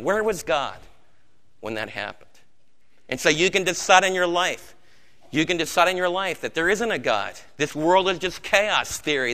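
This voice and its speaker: Impassioned high-voiced preacher in a reverberant hall. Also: male voice. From United States. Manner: impassioned, swings from loud outbursts to hushed low tones. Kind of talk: sermon. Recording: long reverb of a large hall.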